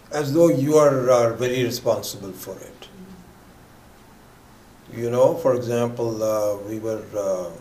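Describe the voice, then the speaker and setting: A man's voice: medium pitch, dark tone. A man teaching a scripture class, rambling with many fillers and restarts, sometimes dropping almost to a whisper. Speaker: spiritual teacher. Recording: echoey room with faint ambience.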